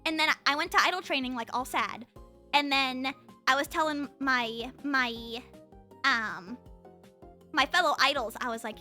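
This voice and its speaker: A woman's voice: high-pitched, moderate pace, bright, forceful tone, faint music behind. A young woman streamer chatting casually to her viewers, rambling with lots of fillers and restarts. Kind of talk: casual livestream chat.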